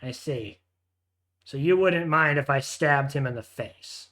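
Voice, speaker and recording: A man voicing a gruff male goblin leader who speaks curtly and with menace. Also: medium pitch, unhurried, a bit bright, lightly acted. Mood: menacing.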